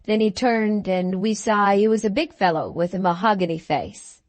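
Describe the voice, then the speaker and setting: A woman narrating an audiobook in a slow, deliberate reading. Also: mid-range voice, expressive, dry recording.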